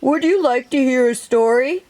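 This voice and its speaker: A woman voicing a big, gentle, sleepy male bear in a storybook reading, talking slowly and softly. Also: high-pitched, no room sound, natural voice. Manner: slow, yawning, gentle.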